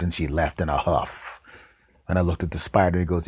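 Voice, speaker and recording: A man hosting a podcast, telling a comic story in a deadpan way with dramatic pauses and whispered asides. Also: low voice, slightly rough, no room sound, clean studio sound. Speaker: podcast host.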